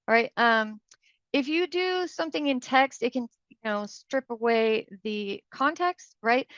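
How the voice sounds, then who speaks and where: A woman's voice: on the high side, fairly bright tone, no echo, muffled recording. A woman giving a live coaching talk to real estate agents in a chatty, conversational way, often checking in with her listeners and acting out short phone exchanges. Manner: acts out short phone exchanges in quoted voices.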